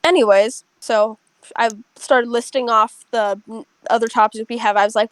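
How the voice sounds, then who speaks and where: A young woman with a somewhat high voice tells a work story to friends in a blunt, swearing, animated way. Her voice sounds close and dry, with no room around it. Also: moderate pace, no room sound, poor audio. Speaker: restaurant server telling a story. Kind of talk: casual chat with friends.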